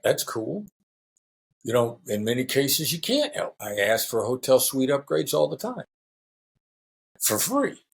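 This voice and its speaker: A middle-aged man, a former hostage negotiator, answering interview questions in a relaxed storytelling way and acting out quoted voices. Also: mid-range voice, gravelly, slightly rough.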